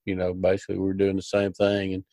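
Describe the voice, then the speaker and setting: A man's voice: sits low, monotone, fast, mellow, no room sound. A man hosting a podcast, telling a rambling, folksy story with many fillers and restarts. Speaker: podcast host. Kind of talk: casual storytelling chat.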